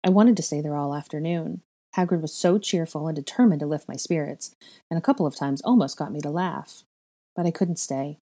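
Female audiobook narrator, measured soft delivery, deep mellow voice. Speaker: audiobook reader. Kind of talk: first-person fan fiction narration.

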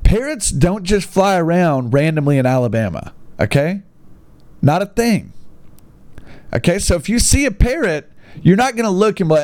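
A man's voice: high voice, big pitch swings, moderate pace, a little mellow, no echo. A young man giving casual comedic commentary as he reads classified ads aloud, sarcastic and incredulous. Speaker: online video host reading classified ads.

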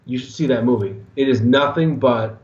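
A man's voice: medium pitch, moderate pace, a crowd in the background. Man telling stories in an echoey room. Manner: profane, animated storyteller. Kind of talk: casual podcast chat. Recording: echoey, dull lo-fi room sound.

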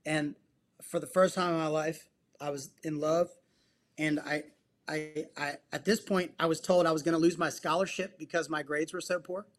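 An earnest male guest recounts a personal story in a casual interview. His voice sits a little above the usual male range, and he leans into the emphatic moments while staying relaxed and slangy in between. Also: a little high, moderate pace. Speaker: podcast guest, psychotherapist and men's coach.

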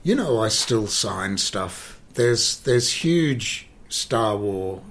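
Animated man telling stories. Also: on the low side, extremely slow. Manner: animated anecdotal storyteller, repeats words, rambles. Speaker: actor and interview guest. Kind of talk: conversational interview, storytelling.

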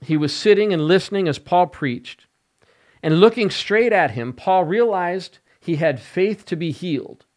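A male evangelist preaches on his podcast at an unhurried, deliberate pace. His voice sits a little high for a man, and he leans hard on key words to drive each point home. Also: expressive, a little mellow. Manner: slow, emphatic preaching with rising stress on key words. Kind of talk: podcast sermon.

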